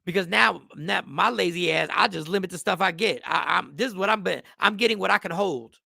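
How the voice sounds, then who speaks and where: A middle-aged man hosts a loose, profane comedy talk show, riffing and reading comments aloud. His voice is high, with a gravelly edge and a bright, forceful ring. It is recorded close and dry. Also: fairly quick, no room sound. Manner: animated, joking, swearing, reads chat comments aloud. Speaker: host.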